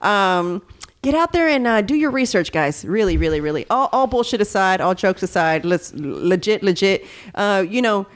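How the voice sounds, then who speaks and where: A podcast host with a Texan accent chats casually with a guest. Her stories come out animated and she laughs often. Her swearing is relaxed and off-hand. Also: medium pitch, normal speed. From Houston, Texas. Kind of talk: casual chat.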